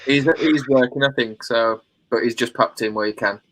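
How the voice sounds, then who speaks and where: A man's voice: mid-range voice, steady tone, moderate pace, a bit bright, a little hiss or hum. Laid-back man saying dude. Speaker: co-host. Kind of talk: casual group chat.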